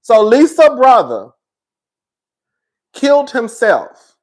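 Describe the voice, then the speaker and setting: Animated trash-talking reality TV commentator. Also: male voice, very high-pitched, slow. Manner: animated, swearing, says girl constantly, laughs. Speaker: host.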